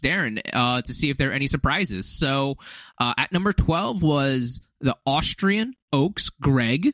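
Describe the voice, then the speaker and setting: A man's voice: on the high side, fairly bright tone, no echo. A man hosting a casual podcast chat, rambling with lots of fillers and frequent laughs. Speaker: podcast host and league commissioner.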